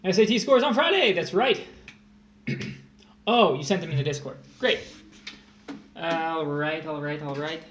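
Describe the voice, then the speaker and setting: A man's voice: fairly high pitch, measured pace, long pauses, fairly bright tone, lo-fi sound. A man tutoring test prep on a casual livestream, joking and rambling as he explains math. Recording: echoey room, faint hiss.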